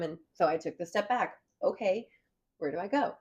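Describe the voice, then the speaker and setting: A woman giving an earnest, animated account of her arrest during a conversation. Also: mid-range voice, fairly quick. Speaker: guest recounting an arrest.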